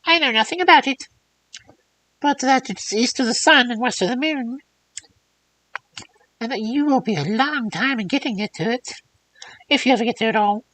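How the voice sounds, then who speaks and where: A woman voicing an old crone in a fairy tale, with a high, cracked voice. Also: animated, moderate pace, long pauses, a bit bright, dry recording, low-quality recording. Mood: cryptic.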